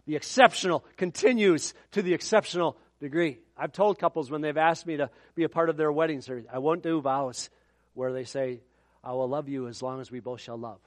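Animated storyteller pastor, man. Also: on the high side, no room sound. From Minnesota. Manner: animated storytelling with repeated words and acted-out quotes. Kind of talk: sermon.

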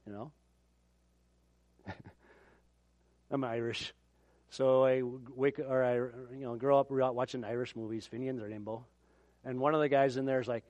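A man from Minnesota preaching a sermon as the pastor, telling stories with animated, repeating delivery. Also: medium pitch, a little slow, long pauses, dry recording. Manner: animated storytelling with repeated words and acted-out quotes.

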